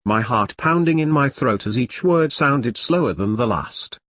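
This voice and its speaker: A man's voice: mid-range voice, lively intonation, a little slow, a bit bright, no echo. Male story narrator, scripted first-person read, middle voice, dead-dry booth sound. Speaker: narrator of online stories.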